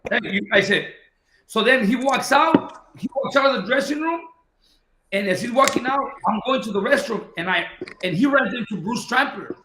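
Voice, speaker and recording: A boxing trainer telling a long story in casual talk, acting out the voices of the people in it. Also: male voice, very high voice, moderate pace, reverberant, noisy background. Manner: animated anecdote-telling, acting out quoted dialogue.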